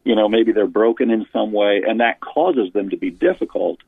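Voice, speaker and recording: Man, husky, low, earnest explainer, phone line, dry. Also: moderate pace, no room sound. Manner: earnest, explanatory, with frequent restarts. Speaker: author and pastor guest. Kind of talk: interview about church leadership.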